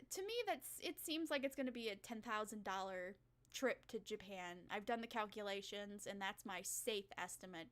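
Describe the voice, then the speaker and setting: A woman's voice: sits high, pushed and bright. A young woman streamer reacting to videos in casual, rambling, profane commentary, often getting worked up. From United States. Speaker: Vtuber streamer.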